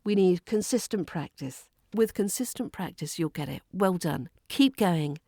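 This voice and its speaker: A woman with a Southern English RP accent, hosting a podcast lesson on pronunciation and speaking slowly and clearly as she demonstrates word stress. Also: on the low side, expressive, mellow, dry recording, clean studio sound. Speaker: accent coach and podcast host.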